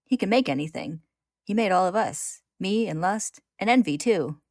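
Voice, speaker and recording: A woman's voice: medium pitch, animated, normal speed, darkish tone, no echo, studio quality, pitched above the performer's own voice. A woman voicing a cheerful, childlike male monster who talks without a care. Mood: proud. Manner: cheerful, unbothered.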